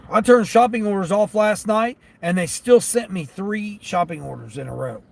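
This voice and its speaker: A man who drives for delivery apps, talking casually to his viewers from his car and grumbling as he thinks out loud about the orders he gets. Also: high-pitched, lively intonation, moderate pace, creaky. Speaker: gig delivery driver vlogger. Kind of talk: casual talk while driving. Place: inside a car.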